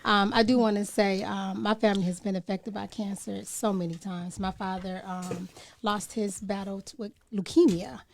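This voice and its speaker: A woman's voice: mid-range voice, fairly even intonation, moderate pace, hardly any pauses, a little hiss or hum. A woman on a podcast reciting a spoken-word poem in an earnest voice that sinks at times into near whispers. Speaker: podcast guest.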